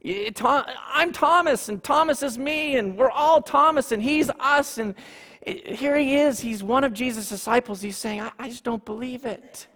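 A man preaching a sermon, animated, with dramatic pauses and repeated phrases. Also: extremely high pitch, long reverb tail. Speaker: pastor.

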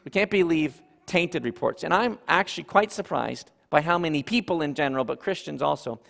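A man preaching a sermon as pastor, emphatic and animated, with asides to the congregation. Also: sits high, vocal fry. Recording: reverberant hall.

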